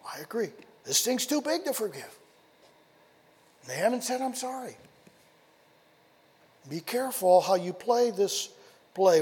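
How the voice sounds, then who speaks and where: A man preaching a sermon in a high, somewhat husky voice, leaning on rhetorical questions and sudden quiet emphasis as he tells a parable. His voice carries a long reverb from a large hall. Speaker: pastor.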